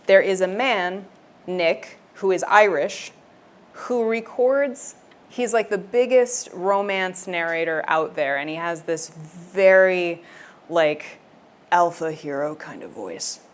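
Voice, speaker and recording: A woman audiobook narrator speaks on a festival stage through a clip-on lavalier, her voice slightly low and full of energy. She laughs easily and flips into character voices mid-sentence. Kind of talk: live on-stage conversation with readings.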